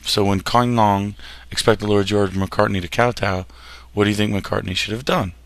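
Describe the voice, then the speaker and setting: Gravelly low-voiced male history teacher. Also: steady tone, normal speed, a bit bright, dry recording. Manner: casual, jokey, slips and restarts words. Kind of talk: classroom lecture over slides.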